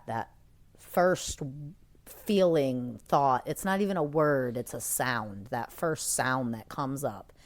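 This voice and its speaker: Her voice is deep with a darkish tone as she co-hosts a recovery podcast. She talks in a relaxed, reflective way and uses ordinary examples to illustrate her points.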